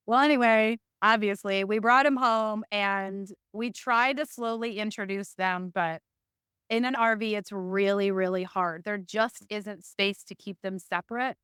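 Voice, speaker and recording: Chatty woman telling a story on a podcast, smooth voice, dry mic. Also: a little high, moderate pace, a bit bright, no room sound. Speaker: podcast guest. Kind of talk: storytelling in a casual interview.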